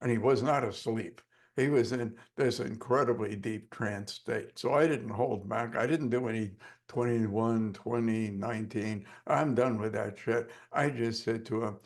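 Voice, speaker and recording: A man who teaches hypnosis tells a story in a course lesson, in a casual, profane and animated way. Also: on the low side, measured pace. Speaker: hypnosis instructor.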